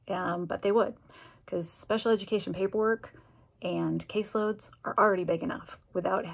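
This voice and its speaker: A woman's voice: on the low side, vocal fry, husky. A middle-aged woman, a former special education teacher, candidly telling a personal story in a vlog and acting out the conversations she quotes. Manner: candid, conversational, acts out dialogue with quoted voices.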